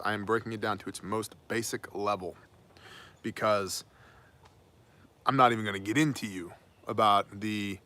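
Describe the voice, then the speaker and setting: Bright-voiced guy doing his daily news rant, preachy and emphatic, wry asides. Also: lowish voice, no echo. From United States. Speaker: prepper news commentator. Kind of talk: opinionated daily news monologue.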